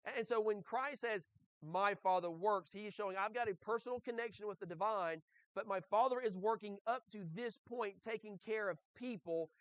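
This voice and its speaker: A man's voice: high-pitched, normal speed, no echo, lo-fi sound. A man pastor preaching a conversational sermon in church, often checking in with the congregation and asking rhetorical questions.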